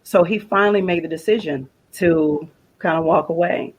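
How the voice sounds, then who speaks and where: A female guest on a faith show shares a heartfelt personal story in ordinary conversational language laced with religious terms, recounting exchanges as quoted speech and repeating phrases. Her voice is on the low side with a breathy edge, at a moderate pace, and the high frequencies are cut off.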